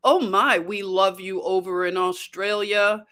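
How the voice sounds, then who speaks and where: A woman hosting a casual livestream, chatty and excitable, greeting viewers and reacting to their comments. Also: mid-range voice, a little slow. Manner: chatty and excitable, often laughing. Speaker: livestream host.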